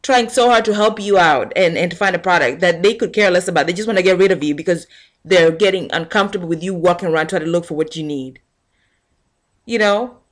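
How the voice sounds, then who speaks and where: A young woman vlogger telling a casual, animated rant to her camera and acting out what people said. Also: on the low side, fairly quick. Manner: animated storytelling, acting out quotes.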